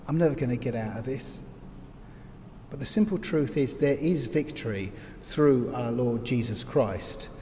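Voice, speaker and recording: A man preaching a sermon, dramatic, swinging between loud and hushed delivery. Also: mid-range voice. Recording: long hall reverb, faint ambient noise.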